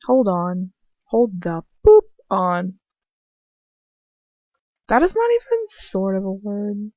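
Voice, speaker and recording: A woman's voice: mid-range voice, darkish tone, no room sound, lo-fi sound. A woman reading fan fiction aloud, breaking off for chatty, self-mocking asides and stumbling over words.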